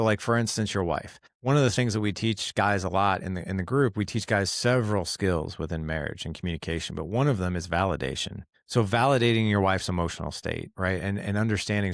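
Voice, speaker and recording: Male podcast guest, lower voice, earnest and animated, dry close mic. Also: no echo. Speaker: podcast guest, dad coach. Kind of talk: casual interview talk.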